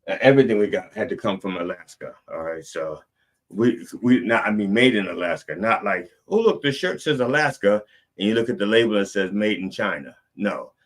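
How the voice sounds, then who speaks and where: A middle-aged man, the show's comedic preacher host, telling a rambling, animated story and swinging between loud and soft. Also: fairly low pitch, fairly quick.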